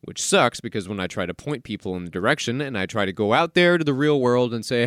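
Male podcast host, lively sarcastic solo rant, very dry close sound. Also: medium pitch, quick pace, few pauses, dry recording. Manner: animated, sarcastic, rants and mock-quotes people. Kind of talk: casual solo podcast monologue. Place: recording studio.

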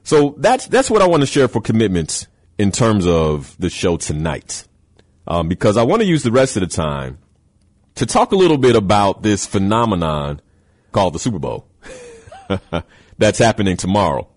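A man's voice: lowish voice, very animated, moderate pace. A man hosting a show, giving an emphatic motivational talk with rhetorical questions and repeated key words.

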